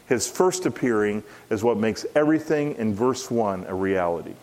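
A middle-aged man, a pastor, preaching an expository sermon in an earnest, emphatic way, repeating key phrases and rising in pitch when stressing a point. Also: lively intonation, normal speed, a little mellow.

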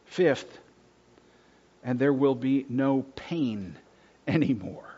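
A man preaching a sermon from the pulpit to his congregation, earnest, dropping to hushed near-whispers and rising on points of emphasis. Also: mid-range voice, slow pace, long pauses, breathy edge, muffled recording. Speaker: pastor. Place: church sanctuary.

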